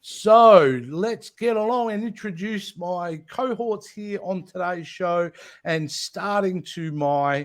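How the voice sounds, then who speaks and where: A man's voice: sits high, takes it slowly. A man with an Australian accent hosting a casual panel chat over a video call, chatty and upbeat. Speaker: host.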